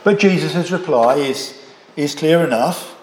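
A man delivers a sermon in a measured, emphatic way, often turning points into rhetorical questions. His voice sits a little high for a man. The sound is roomy, with a long reverb from a large hall. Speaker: preacher. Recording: echoey hall.

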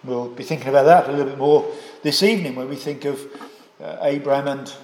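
A man's voice: medium pitch, fairly even intonation, darkish tone. Man preaching in an echoey hall. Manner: measured, emphatic, rhetorical questions. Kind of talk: sermon.

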